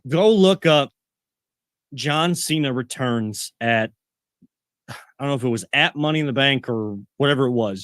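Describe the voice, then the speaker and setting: A man's voice: mid-range voice, fairly bright tone, no room sound, studio quality. A man co-hosting a sports talk show, ranting and getting worked up as he makes his point. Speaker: co-host.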